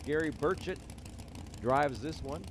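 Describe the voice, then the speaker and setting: A man with a slightly raised voice calls a drag strip live, rattling off racers, hometowns and times. He mixes the numbers with jokes at his own expense. Loud race cars roar behind his voice. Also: on the high side, expressive, a little slow, noisy background. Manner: jokey, self-deprecating, rattles off names and times. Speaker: drag racing announcer.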